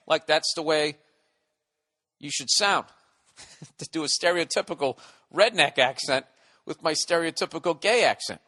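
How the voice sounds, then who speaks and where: A man's voice: on the high side, brisk. A man in his forties with a Boston accent, telling a rambling, profane comic story as a podcast host. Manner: profane, animated, jumps between tangents.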